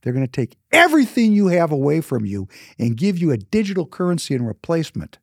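A male podcast host giving impassioned, opinionated commentary, slowing his words down for emphasis. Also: on the high side, sing-song, no echo, studio quality.

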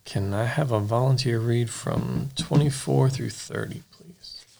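A man leading a group Bible study, prompting readers and questions in a relaxed way. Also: mid-range voice, a little slow, vocal fry.

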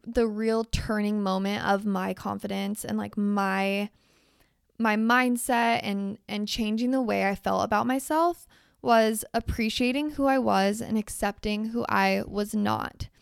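A young woman hosting a motivational podcast, hoarse and raspy from losing her voice, talking in a blunt, emphatic way with casual swearing. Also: medium pitch, steady tone, slow pace, dry recording, clean studio sound. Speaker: podcast host.

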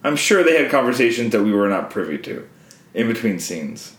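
A man in his thirties hosting a casual film-review podcast, chatty and thoughtful, gently arguing his points. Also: medium pitch, sing-song, brisk. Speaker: podcast host. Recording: roomy echo.

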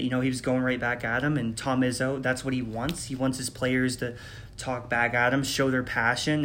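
A man co-hosting a casual sports podcast, giving measured, confident opinions with some fillers. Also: mid-range voice, a bit bright, slight background noise. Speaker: podcast co-host.

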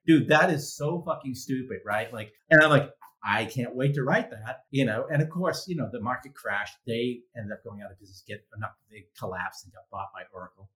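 Animated man telling profane stories. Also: medium pitch. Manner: animated, profane, acts out quotes in mocking voices. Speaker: guest author. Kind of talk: casual conversational storytelling.

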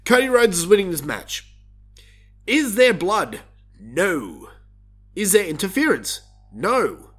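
A man's voice: sits high, big pitch swings, takes it slowly, long pauses, fairly bright tone. A man hosting his own wrestling show, giving casual predictions in an opinionated, worked-up rant while sick with a cough. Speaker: wrestling podcast host.

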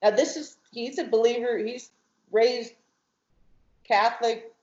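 A woman with a fairly high voice tells an emotional personal testimony as a mother. She relives each moment, slipping into the voices of the people in her story. The sound is roomy and a little dull. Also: fairly even intonation, unhurried. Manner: vivid retelling that acts out quoted voices, with restarts. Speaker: guest, mother telling her family's story.

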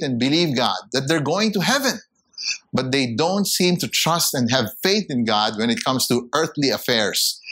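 A man preaching a sermon, emphatic, his voice climbing high when he acts out the people in his stories. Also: fairly bright tone. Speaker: pastor.

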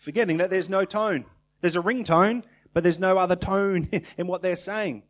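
A man's voice: high voice, steady tone, moderate pace. A man preaching a sermon in a conversational way, now and then acting out little everyday exchanges.

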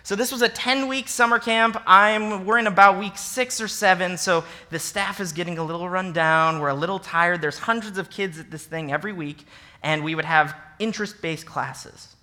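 Young man, associate minister, from the Midwest, sermon, animated, sarcastic emphasis, bright voice. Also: high voice, moderate pace. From American Midwest. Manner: animated and conversational, acts out scripture with sarcastic emphasis.

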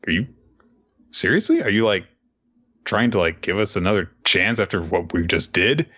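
A man voicing a stunned male prisoner who speaks in halting, incredulous bursts. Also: lowish voice, expressive, bright, forceful tone, breathy edge, no echo, muffled recording, full character voice. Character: stunned male prisoner given a second chance.

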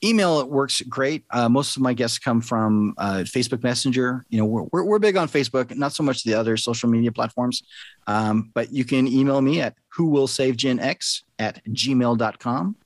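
A man's voice: mid-range voice, normal speed, dry recording. A middle-aged man, a podcast host, chatting casually and telling an earnest story.

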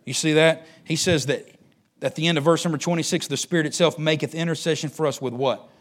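A man preaching a sermon in a folksy, joking way, swinging from low and soft to loud, high shouting. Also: fairly even intonation, fast.

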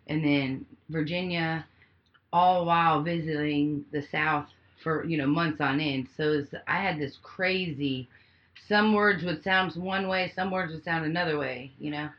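A woman in casual chat, telling animated stories and laughing often. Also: deep voice, unhurried. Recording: slightly muffled podcast audio.

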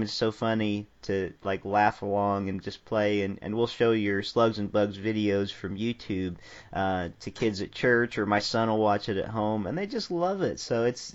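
A man hosting a podcast interview, talking in an earnest, halting way with restarts. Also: lowish voice, muffled recording. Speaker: podcast host. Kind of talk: casual interview chat.

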